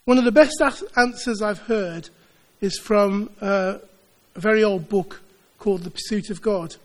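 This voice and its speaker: A man's voice: high voice, measured pace, in a large hall. A man preaching a sermon, earnest, building his points with repeated phrases. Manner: earnest, repetitive rhetorical build-ups. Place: church.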